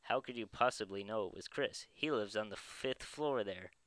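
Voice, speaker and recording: A man's voice: lowish voice, normal speed, a bit bright, dry recording, close to an everyday voice. A man voicing a weary, skeptical male campus security officer. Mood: exasperated. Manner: skeptical, exasperated.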